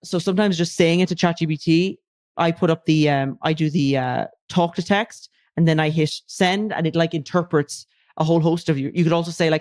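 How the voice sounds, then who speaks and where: A woman's voice: deep voice, fairly quick, a little mellow, no echo, clean studio sound. A woman speaking as a guest coach in a casual podcast interview, emphatic and loose, with casual swearing.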